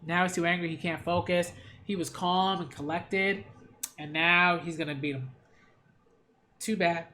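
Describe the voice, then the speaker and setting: A man hosting a reaction video, commenting casually in an excitable, slangy way with frequent exclamations. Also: sits high, measured pace, slight background noise.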